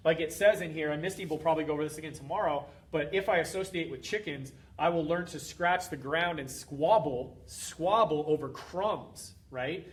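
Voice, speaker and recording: A man's voice: on the high side, normal speed, hardly any pauses. Emphatic man giving a motivational pep talk. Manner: emphatic, repetitive, preachy. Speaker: fitness coach and group host.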